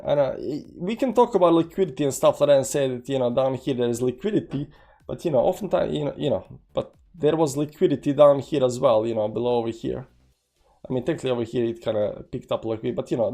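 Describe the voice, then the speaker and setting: A mellow, mid-range male voice belongs to a crypto trading livestream host. Speaking non-native accented English on his casual stream, he meanders through charts and reads the chat out loud, using many fillers.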